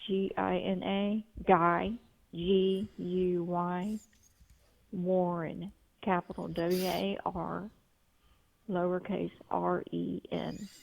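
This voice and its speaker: A woman's voice: fairly low pitch, level tone, drawn-out words, vocal fry, dull audio. A woman calling in to a talk show, telling things in an earnest, rambling way. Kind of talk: call-in talk.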